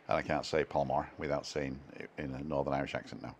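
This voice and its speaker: A man's voice: extremely low pitch, fairly even intonation, fast. A man hosting a casual live stream, chatting in a self-deprecating way and reading out viewer comments from home.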